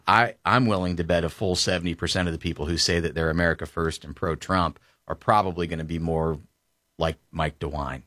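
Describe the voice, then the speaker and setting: A man's voice: sits low, fairly bright tone, dry recording, clean studio sound. A man hosting a political talk radio show, chatting in an opinionated, bantering way.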